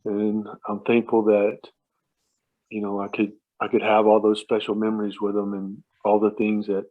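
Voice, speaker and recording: A man casually telling family stories on a phone call, chuckling often and restarting his sentences as he rambles. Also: fairly low pitch. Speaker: relative sharing memories at a family remembrance. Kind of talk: casual anecdotal storytelling. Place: at home at night. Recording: tinny phone line.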